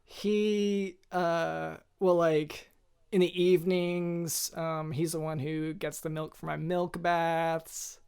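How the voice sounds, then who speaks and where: A man hosting a podcast, telling a deadpan comic story in a halting, hesitant way with many restarts. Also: a little high, gravelly, clear, resonant tone. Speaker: podcast host.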